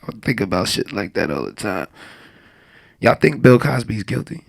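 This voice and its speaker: A young man works through a stand-up set in a deep, low register with a gravelly edge. His delivery is crude and rambling, and he often breaks into laughter at his own jokes. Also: very animated, moderate pace. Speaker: stand-up comedian.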